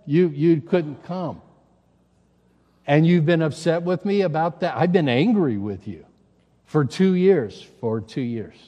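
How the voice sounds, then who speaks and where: A man's voice: on the high side, unhurried, dark tone, in a large hall, dull audio. A man voicing a middle-aged woman from his congregation who holds a grudge, retold plainly with hesitant repeats in a sermon. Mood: aggrieved.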